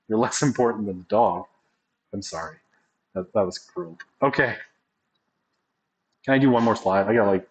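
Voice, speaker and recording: In a roughly recorded classroom lecture, a man with a mid-range voice talks through sociology loosely and conversationally, with lots of fillers and jokey tangents.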